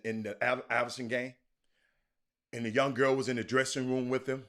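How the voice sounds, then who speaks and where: A man's voice: medium pitch, fairly bright tone. A man hosting a live-streamed sports talk show, ranting emphatically, repeating himself and calling out to his viewers. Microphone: streaming mic.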